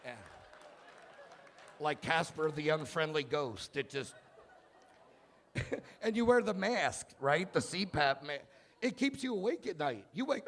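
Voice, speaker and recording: A man in his thirties doing a stand-up comedy set in a club, telling self-mocking stories about his kids and bursting into shouted punchlines. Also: a little high, gravelly. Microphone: handheld stage mic.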